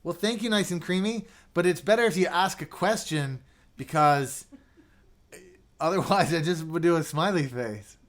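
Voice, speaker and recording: A man's voice: a little high, measured pace. A man hosting a casual livestream, chatting loosely and reading out viewer comments with lots of fillers and restarts. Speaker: livestream host. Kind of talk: casual live chat.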